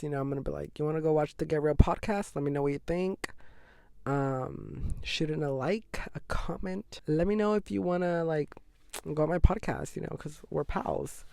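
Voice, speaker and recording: A man's voice: a little high, a little mellow, no echo, clean studio sound. A young man hosting a casual solo podcast, sick with a cough and sore throat, rambling and saying "like" all the time. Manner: rambling, says "like" constantly. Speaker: podcast host.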